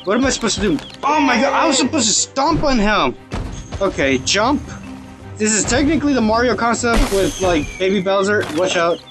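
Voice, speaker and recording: A young man giving excitable, casual commentary while playing a video game, talking to his viewers into a phone. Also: sits high, moderate pace, over music. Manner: excitable, yelps and exclaims at the game, talks to viewers. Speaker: let's play host.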